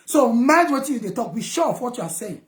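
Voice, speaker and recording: A woman's voice: fairly high pitch, very animated, a little fast, echoey room. A Nigerian woman speaking Pidgin English, ranting defiantly at her viewers and scolding her critics. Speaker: vlogger. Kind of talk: heated personal rant to viewers.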